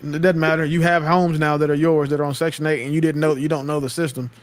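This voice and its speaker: A man's voice: fairly high pitch, level tone, quick pace, crowd noise. A man, hosting a casual chat and laying out his points assertively. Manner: assertive, lecturing.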